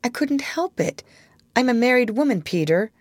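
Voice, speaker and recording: Woman doing a gentle young mother, slightly raised pitch, tender and apologetic, storybook. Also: animated, moderate pace, no room sound, studio quality. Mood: faltering. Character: gentle grown-up mother, once a girl. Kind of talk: storybook reading.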